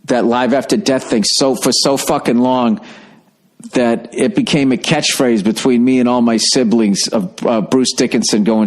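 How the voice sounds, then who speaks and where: A middle-aged American man talking casually on his podcast, swearing freely and drifting from story to story. His voice sits at an ordinary mid pitch. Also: moderate pace. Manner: profane, rambling storytelling. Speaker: podcast host.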